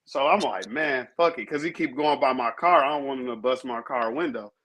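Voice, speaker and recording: A man co-hosting a podcast, telling profane, animated stories and acting out what people said. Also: medium pitch, brisk. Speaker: podcast co-host. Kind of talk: casual chat, storytelling.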